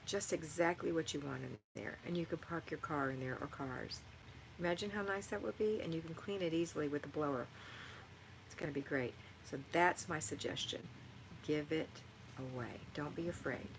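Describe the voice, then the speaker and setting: A woman's voice: deep voice, moderate pace, creaky, a little hiss or hum, rough recording. A middle-aged woman hosting a live stream, reading viewer comments aloud and giving encouraging, motherly advice. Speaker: livestream host answering viewer chat.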